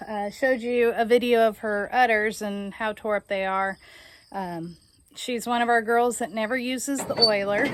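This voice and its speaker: A woman in her thirties talks straight to her phone camera out on the cattle farm, candid and near tears. Her voice sits a little high, with a faint hiss of noise under it. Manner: emotional, tearful, candid. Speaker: farmer and video host. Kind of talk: casual vlog talk to viewers.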